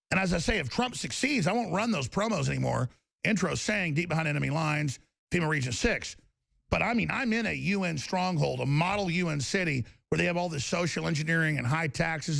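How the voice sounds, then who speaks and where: A man's voice: a little high, vocal fry, fairly bright tone, no room sound. A middle-aged man hosting a radio talk show, ranting heatedly about politics and mocking others in quoted voices.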